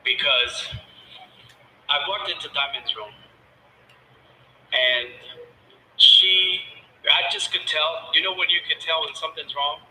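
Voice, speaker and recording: A man, a father, tells an emotional personal story in a halting way, with many fillers and restarts. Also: fairly high pitch, pushed and bright, big-room sound, slight background noise, low-quality recording.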